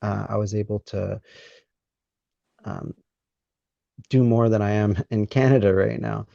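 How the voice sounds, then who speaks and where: A man hosts a conversational podcast interview, speaking in a measured, deliberate way and pausing mid-thought. His voice is low and gravelly with a dark, mellow timbre. The sound is dry and dull, like a lo-fi call recording. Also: steady tone, no room sound. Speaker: podcast host.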